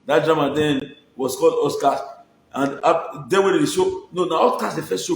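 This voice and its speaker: A man with a Nigerian accent, a vlogger casually thanking his viewers by name, shifting between low murmured thanks and sudden loud excited bursts. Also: brisk, echoey room, low-quality recording. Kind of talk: casual Pidgin-laced shout-outs.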